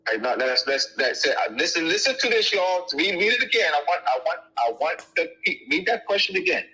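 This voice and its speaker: An emphatic man with a fairly high, bright, forceful voice answers audience questions like a teacher. He repeats words for stress and restarts his sentences often. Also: sing-song, fairly quick, slightly rough, rough recording. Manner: emphatic, repetitive, lots of restarts. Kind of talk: lecture Q&A.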